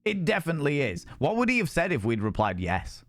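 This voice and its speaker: A young man streaming a dating game, reading the text aloud and joking in animated, sweary chat. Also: a little high, brisk, no room sound. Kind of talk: casual gameplay commentary.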